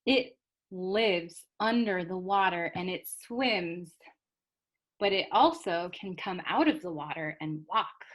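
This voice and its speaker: A woman teaching English vocabulary to learners, carefully modeling and spelling out each word. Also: fairly low pitch. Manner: slow, deliberate, spells out and models words.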